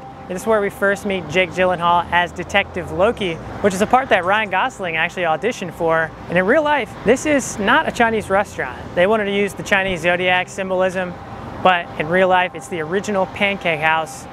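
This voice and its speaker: A man's voice: sits high, fairly quick, noisy background. A man hosting a travel vlog, narrating in an upbeat, informative way. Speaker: host. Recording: music bed behind voice.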